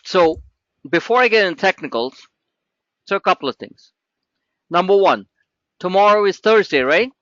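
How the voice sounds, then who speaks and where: A man's voice: high voice, expressive, moderate pace, pauses often, fairly bright tone, no room sound, lo-fi sound. A man hosting a live trading webinar, rambling and joking informally, with many restarts and asides.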